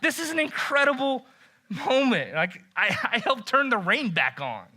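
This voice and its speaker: High, very bright-voiced preacher man. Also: moderate pace. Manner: animated and joking, heavy use of "like". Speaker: pastor. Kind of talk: casual sermon storytelling.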